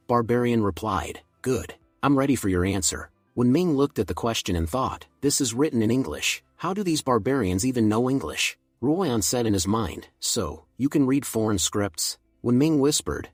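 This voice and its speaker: A man's voice: medium pitch, lively intonation, moderate pace, hardly any pauses, dry recording, soft background music. Man narrating a story recap, dry sound.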